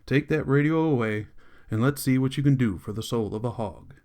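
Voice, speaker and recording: A man's voice: mid-range voice, fairly quick, warm tone, close to an everyday voice. A frustrated young schoolteacher who defends himself earnestly and with passion, read by a man. He pushes back firmly against his elders. It is an audiobook reading of a novel. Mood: defiant. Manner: earnest, impassioned arguing.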